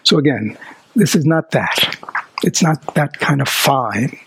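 A man's voice: mid-range voice, takes it slowly, a little hiss or hum, rough recording. A man giving a Buddhist dharma talk. He keeps asking his listeners questions and drops into a whisper to stress a point. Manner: animated, asks the audience rhetorical questions. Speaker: dharma teacher.

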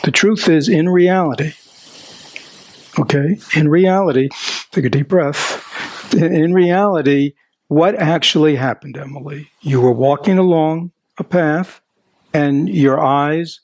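Gravelly man probing with patient questions. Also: on the high side, unhurried, a little mellow. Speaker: workshop speaker coaching a participant. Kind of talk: live seminar talk with audience exchange.

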